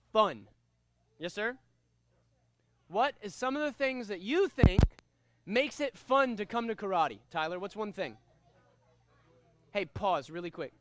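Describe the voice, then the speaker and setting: A man teaching a kids' karate class, energetic and upbeat, leading commanding call-and-response drills. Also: very high-pitched, no echo. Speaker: karate instructor.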